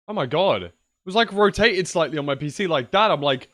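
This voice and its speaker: A man's voice: a little high, expressive, a little fast, fairly bright tone, no room sound, studio quality. A young man rambling casually to his viewers on a livestream from his computer, swearing now and then. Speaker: streamer. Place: at home at a PC.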